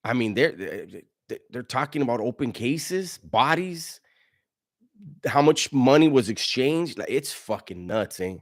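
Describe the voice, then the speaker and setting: A man's voice: mid-range voice, lively intonation, a little slow. A man hosting a casual livestream, reading chat messages in a slangy way, laughing often and stumbling over his words.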